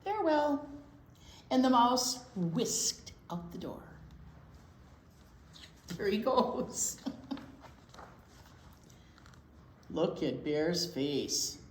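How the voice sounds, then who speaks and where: A woman, a children's librarian, reading a picture book aloud to young children and pausing to talk about the pictures. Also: fairly low pitch, a little hiss or hum. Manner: unhurried, expressive reading to young kids. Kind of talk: children's read-aloud storytime. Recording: roomy echo.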